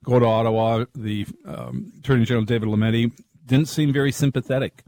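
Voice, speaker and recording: A man giving political analysis on a talk radio show, in a measured, analytical way. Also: medium pitch, steady tone, dark tone, dry recording. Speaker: political commentator.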